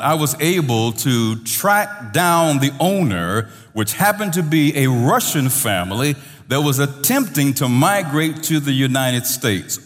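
Slow, animated male preacher in a reverberant hall. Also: fairly high pitch. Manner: animated storyteller, voice trails off softly at phrase ends. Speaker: pastor. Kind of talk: sermon storytelling.

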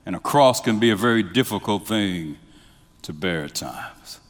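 A man preaching a sermon as pastor. He drops to hushed lines, rises to emphatic ones, and has the congregation finish his sentences. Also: fairly low pitch, lively intonation, normal speed. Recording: long hall reverb.

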